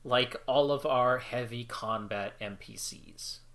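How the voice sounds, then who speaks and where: A man's voice: mid-range voice, slow pace, creaky, fairly bright tone. A man playing a tabletop game, easygoing and thinking his plans out aloud. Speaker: player. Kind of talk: casual tabletop play.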